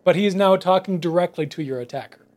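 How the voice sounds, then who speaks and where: A man's voice: sits high, fast talker, a little mellow. A man narrating as game master of a tabletop role-playing game, talking casually with lots of fillers.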